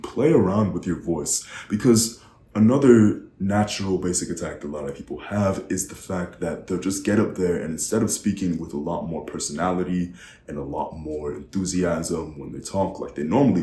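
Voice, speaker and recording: A young man coaching public speaking, demonstrating vocal techniques and often shifting his loudness and pace. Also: low-pitched, echoey room, a little hiss or hum. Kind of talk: instructional talk to camera.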